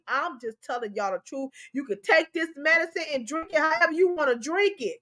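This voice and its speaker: A woman's voice: sits high, animated, brisk, hardly any pauses, pushed and bright. A middle-aged woman hosting a talk show, giving emotional commentary on a news story, preachy and impassioned and repeating herself.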